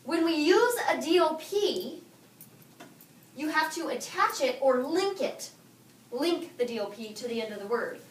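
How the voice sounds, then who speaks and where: A woman teaching a high school Spanish class, quizzing her students and repeating their answers back to them. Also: lively intonation, measured pace. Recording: echoey classroom from far off.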